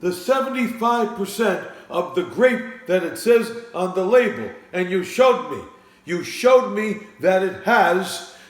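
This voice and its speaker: A man putting on the voice of a flustered, indignant older man who rants and complains loudly, recorded in a home studio. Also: high voice, expressive, echoey room, pitched above the performer's own voice. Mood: exasperated. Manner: shouty, exasperated, drawn-out complaining.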